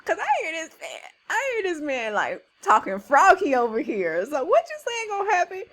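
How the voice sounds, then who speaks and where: A woman's voice: very high-pitched, wildly swooping pitch, moderate pace, a bit bright, pitched above the performer's own voice, heavily acted. A woman voicing a brash young shepherd man who speaks in slangy, incredulous exclamations.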